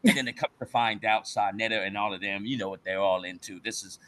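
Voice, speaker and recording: A man in casual podcast talk, an animated storyteller who uses slang and acts out other people's voices. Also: fairly low pitch, quick pace, a little hiss or hum. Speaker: podcast guest. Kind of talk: casual chat.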